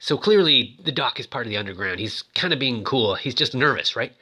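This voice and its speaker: A man in his fifties rambling excitedly as he retells a movie plot in casual chat. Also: mid-range voice, a little fast, husky. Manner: rambling, excitable, lots of fillers. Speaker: movie toy reviewer.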